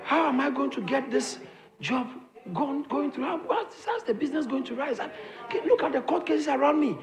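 High-voiced man preaching with rising shouts. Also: animated, a little fast. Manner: emphatic, repeats lines and builds to shouts; calls on the congregation to respond. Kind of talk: sermon. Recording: echoey room with crowd audible. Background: congregation responding.

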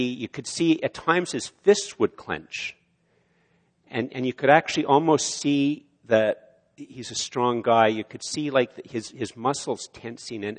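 A man preaching a sermon in a church, swelling loud on key lines and dropping low and quiet on others. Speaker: pastor. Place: church sanctuary. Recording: long hall reverb of a church.

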